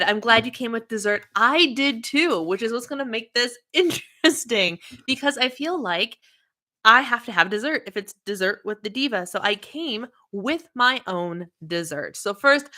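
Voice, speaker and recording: A woman's voice: fairly high pitch, sharp tone. A woman hosting a casual livestream, chatting and greeting viewers by name. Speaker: livestream host.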